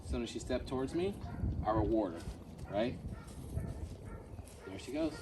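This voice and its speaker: A man working as a dog trainer, talking through a casual training demonstration step by step and often checking in with a quick "right?" He is recorded outdoors. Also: expressive. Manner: switches to a high squeaky praise voice for the dog. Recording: distant mic with background noise.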